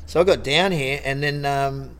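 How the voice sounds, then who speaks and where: A man's voice: medium pitch, normal speed, clear, resonant tone. Australian lifeguard man telling stories. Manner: rambling, animated retelling with mimicked dialogue. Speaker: lifeguard on a TV show. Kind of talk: casual storytelling interview.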